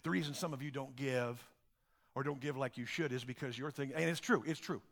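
A male pastor preaching a sermon to his congregation, swinging from loud exclamations to hushed, low asides. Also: brisk, creaky.

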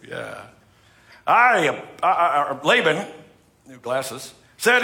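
Middle-aged American pastor, bright forceful voice a bit high, jokey preaching, acts out quotes. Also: male voice, very animated, slow, gravelly. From United States. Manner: humorous, chatty preaching with acted-out quotes. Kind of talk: sermon.

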